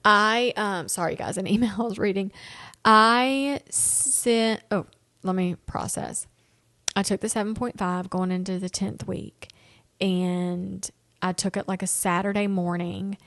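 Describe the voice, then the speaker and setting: A middle-aged woman with a drawl tells a rambling personal story on a solo podcast, speaking straight to her listeners. She sounds tired and yawns now and then, at an everyday pitch. The sound is dry and close, with no room around it. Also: fairly even intonation, unhurried, a bit bright, dry recording. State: yawning, tired. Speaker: podcast host.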